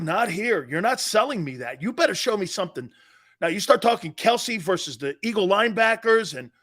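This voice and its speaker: A man's voice: high-pitched, a bit bright, husky. A middle-aged man, a former player turned sports talk host, giving blunt, emphatic opinions and calling the listener "dude".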